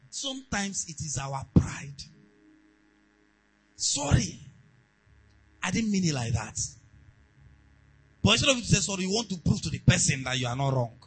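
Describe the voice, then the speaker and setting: A pastor preaching a sermon, moving between quiet asides and loud, emphatic exhortation. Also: male voice, a little high, slightly rough, low-quality recording.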